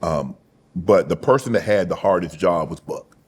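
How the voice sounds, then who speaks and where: Male host, middle-aged, low voice, relaxed measured interview talk. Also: slightly rough. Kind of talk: casual interview conversation.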